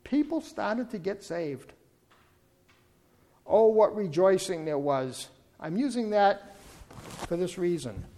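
Delivering a sermon, a male preacher speaks in a notably high voice with a warm tone. His storytelling is earnest, climbing toward fervent and emphatic appeals.

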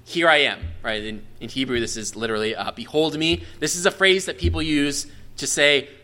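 Male Bible teacher, slightly high, bright voice, chatty and explanatory, restarts often. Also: fairly quick. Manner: conversational, explanatory, checks in with "right?"; frequent restarts and self-corrections. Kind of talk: verse-by-verse Bible study teaching.

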